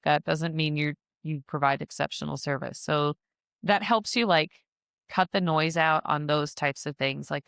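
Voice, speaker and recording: A woman's voice: low-pitched, creaky, fairly bright tone, smooth, no room sound, studio quality. A woman hosting a casual business-advice podcast, chatty with frequent fillers and self-deprecating asides. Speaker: podcast host and business mentor.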